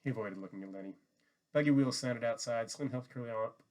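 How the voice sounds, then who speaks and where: A man reading a novel aloud as narrator, in a measured, steady way. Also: mid-range voice. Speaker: audiobook reader.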